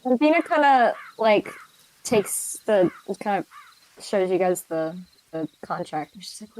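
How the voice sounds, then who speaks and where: A woman's voice: mid-range voice, sing-song, unhurried, darkish tone, low-quality recording. A woman playing a tabletop game, hesitantly describing what her character does. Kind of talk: casual game chat.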